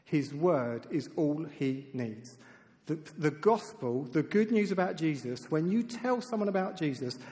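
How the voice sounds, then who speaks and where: A man preaching a sermon in a lively, conversational way, dropping to soft, emphatic tones for key points. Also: high voice. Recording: reverberant hall.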